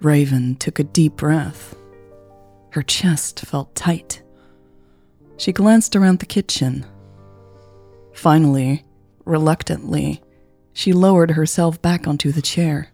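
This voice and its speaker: Slow, gravelly woman narrating a story. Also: sits low, mellow. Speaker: podcast storyteller. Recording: faint music behind.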